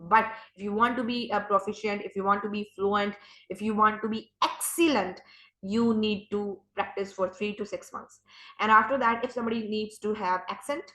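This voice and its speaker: A woman's voice: medium pitch, steady tone, normal speed, a bit bright, roomy sound, poor audio. A young woman with a Pakistani English accent teaching an informal English lesson, hesitant with many fillers and restarts but encouraging.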